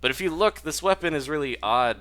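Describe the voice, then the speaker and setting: This game streamer's voice is a little high and a bit bright, moving a little fast with lively intonation. He chats through live commentary as he plays, reading out viewer messages and laughing a lot over background game music.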